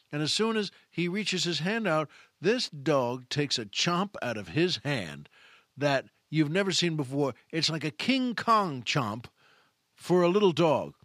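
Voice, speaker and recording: A man's voice: on the high side, a bit bright, dry recording, studio quality. A man hosting a podcast, telling a film anecdote in a chatty, enthusiastic way, often restarting his phrases. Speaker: podcast host. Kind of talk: casual anecdotal storytelling.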